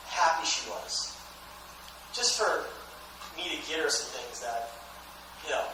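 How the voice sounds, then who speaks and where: Male trainer with a high voice who tells lively stories, recorded from far off in a very echoey room with faint hiss. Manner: animated storytelling, many "you know" fillers. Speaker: network marketing trainer. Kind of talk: motivational training talk. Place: training event room at a campus.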